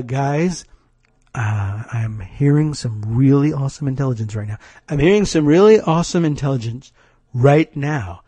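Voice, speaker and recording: A man voicing a calm male presidential aide who murmurs instructions in a low, patient, coaxing way. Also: husky, no echo.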